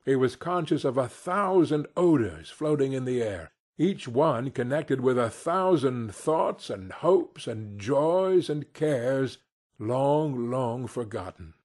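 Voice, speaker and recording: An audiobook narrator reads a classic tale aloud in scripted narration, his voice slightly husky. He tells it expressively and without hurry, letting his pitch roam widely to color the story.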